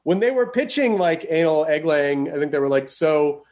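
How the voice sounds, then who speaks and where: A man's voice: fairly high pitch, lively intonation, a little fast, a little mellow. Rambling profane comedic podcast man. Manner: rambling, profane, joking riffs. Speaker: podcast host. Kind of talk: casual comedic chat.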